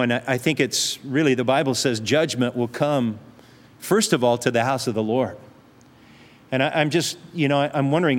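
A man preaching a sermon in an earnest, conversational way, often restarting his sentences. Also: mid-range voice. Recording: long reverb hall.

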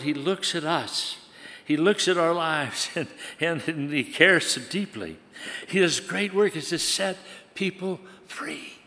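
A man preaching a sermon, dramatic, swinging from loud bursts to hushed tones. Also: a little high. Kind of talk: sermon with recited poem. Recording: long hall reverb.

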